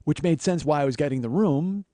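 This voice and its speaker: A man's voice: fairly high pitch, brisk, warm tone, dry recording. A man telling an indignant, profane comic story as a podcast host. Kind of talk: comic rant monologue.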